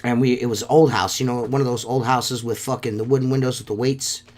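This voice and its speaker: A man's voice: medium pitch, brisk. A young adult man hosting a casual chat, telling stories with heavy swearing and frequent laughs. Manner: profane, laughs often, animated storytelling. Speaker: podcast host.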